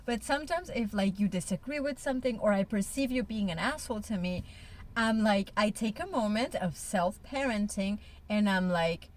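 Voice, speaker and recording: A woman's voice: mid-range voice, lively intonation, moderate pace. A woman in a candid couple conversation, talking frankly and emotionally, with blunt swearing. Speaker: co-host.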